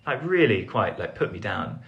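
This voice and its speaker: A man's voice: lowish voice, very animated, moderate pace, muffled recording. A young man telling a rambling, self-deprecating story as a podcast guest, full of fillers and restarts. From England. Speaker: podcast guest, foreign correspondent. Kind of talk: casual storytelling interview.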